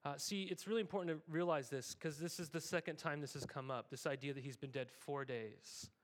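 Animated, conversational male pastor preaching. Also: fairly high pitch, brisk. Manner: conversational, animated preaching with frequent "okay?" asides. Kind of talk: sermon.

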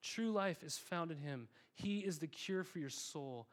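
Male pastor, slightly high voice, casual and earnest sermon storytelling, talks to the room like friends. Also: animated, a little slow. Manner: conversational, earnest storytelling with fillers; addresses congregation as "guys".

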